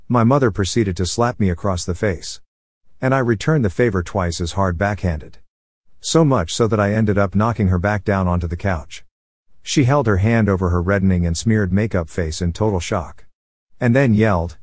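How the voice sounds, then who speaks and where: Male narrator, low voice, dry close sound, steady read. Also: fairly quick, no echo. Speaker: story narrator. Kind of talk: scripted first-person narration.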